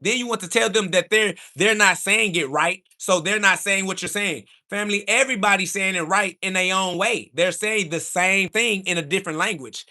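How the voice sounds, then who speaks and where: A man speaking hosts a livestream and answers chat in a combative, preachy monologue, insulting his critics over and over and now and then rising to a shout. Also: high-pitched, normal speed, few pauses. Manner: rises to shouting when heated.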